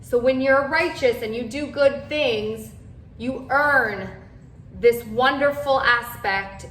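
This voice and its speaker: A woman cantor giving a measured, carefully explained lesson. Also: on the high side, a bit bright. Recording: roomy echoey sound.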